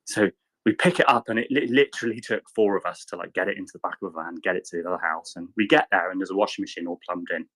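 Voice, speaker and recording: A man in casual chat, telling a rambling anecdote with lively quoted voices. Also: sits low, fast. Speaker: panelist.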